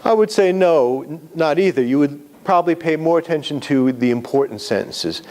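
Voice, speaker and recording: Male writing lecturer, fairly high voice. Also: animated, normal speed, darkish tone. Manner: conversational, explains step by step with examples. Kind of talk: live classroom lecture.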